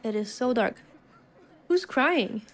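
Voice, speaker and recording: A woman streamer with a voice on the high side speaks slowly and animatedly, offering casual gameplay commentary. She's chatty and giggly, reacting aloud to on-screen events, with game music behind her voice.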